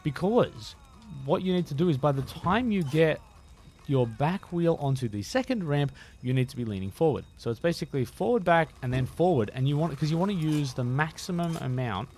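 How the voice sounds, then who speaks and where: Male streamer, faint Aussie lilt, animated pitch, rambling self-mocking tutorial patter. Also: slight background noise. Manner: chatty, self-deprecating, thinks aloud. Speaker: game streamer and tutorial host. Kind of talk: live-streamed gameplay tutorial.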